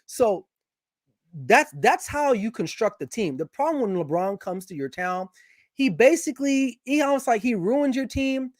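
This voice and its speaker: A man guesting on a sports show, giving strong opinions in casual, animated chat, often restarting his sentences. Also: very high voice, normal speed, no room sound, clean studio sound.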